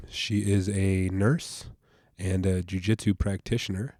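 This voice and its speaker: A man's voice: low voice, fairly even intonation, moderate pace, warm tone, no echo, studio quality. A man hosting a podcast, talking in a laid-back, casual way with a stuffed-up nasal voice from allergies. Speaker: podcast host. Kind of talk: casual podcast intro and chat.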